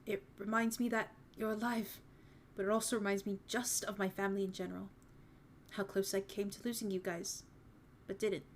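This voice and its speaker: A woman reading the lines of a sleepy teenage boy from a fan story, in a soft, murmured voice. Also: mid-range voice, flat delivery, normal speed, a little hiss or hum, close to an everyday voice. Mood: tender. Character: sleepy teenage boy comforted by his brother. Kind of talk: reading fan fiction aloud on stream.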